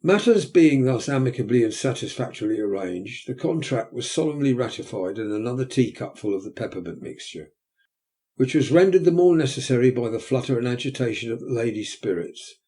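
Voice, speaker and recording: A man narrating a classic novel as an audiobook, in a measured, expressive storytelling manner. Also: medium pitch.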